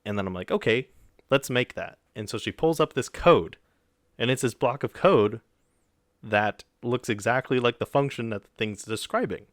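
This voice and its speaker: A man's voice: medium pitch, normal speed, no echo, clean studio sound. A young man casually retelling a story on a podcast, acting out the people he quotes. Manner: animated retelling with quoted voices, swears mildly. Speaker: podcast co-host.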